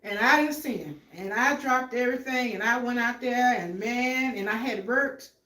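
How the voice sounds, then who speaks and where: A middle-aged woman, the host's mother, telling her side of a story in a lively, teasing way. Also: on the high side, normal speed, roomy sound, recorded from a distance, low-quality recording. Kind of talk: casual chat.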